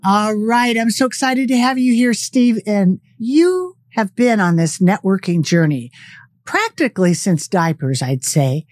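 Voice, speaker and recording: A woman's voice: medium pitch, animated, unhurried, a little mellow, dry recording, clean studio sound, faint music behind. A middle-aged woman hosting a podcast, reading an upbeat, hype-building introduction and then chatting with her guest. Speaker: podcast host. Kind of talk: scripted show intro, then casual interview chat.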